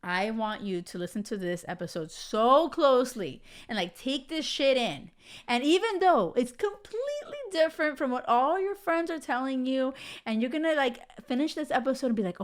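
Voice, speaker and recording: A young woman hosting a podcast, talking emphatically and excitedly, swearing freely. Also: a little high, moderate pace. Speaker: podcast host. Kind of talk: casual podcast chat.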